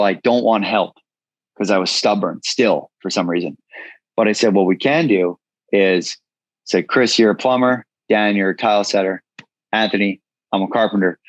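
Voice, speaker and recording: A man's voice: lowish voice, no room sound, poor audio. A man in his thirties, a guest in an interview, telling his story frankly and casually, swearing freely. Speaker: guest, entrepreneur.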